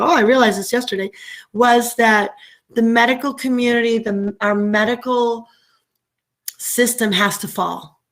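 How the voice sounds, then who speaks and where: This livestream host is a middle-aged woman with a mid-range, fairly bright voice, chatting casually but with passion and frequently repeating herself. The audio comes over a choppy internet stream.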